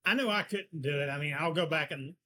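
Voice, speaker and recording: A man with a thick Tennessee Southern accent and a slightly higher voice. He chats casually as a guest, easygoing and hesitant, with lots of fillers. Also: fast, sharp tone, a little hiss or hum. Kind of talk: casual chat.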